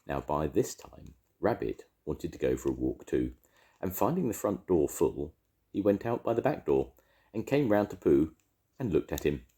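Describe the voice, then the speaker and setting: An older man reading a children's story aloud in an expressive, lilting way. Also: very deep voice, normal speed.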